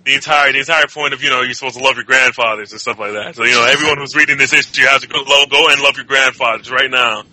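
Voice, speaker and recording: A man's voice: mid-range voice, steady tone, quick pace, few pauses, sharp tone, poor audio. A man co-hosting a casual comic book chat, rambling and puzzled, often repeating himself. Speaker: podcast co-host.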